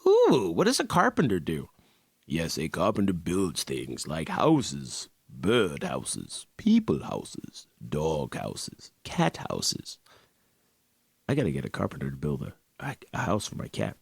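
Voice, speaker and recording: A man's voice: sits low, wildly swooping pitch, slow pace, gravelly, husky, dry recording. A man teaching an online music class, playful and upbeat, mixing sung lines with spoken explanation. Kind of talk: online music lesson with singing.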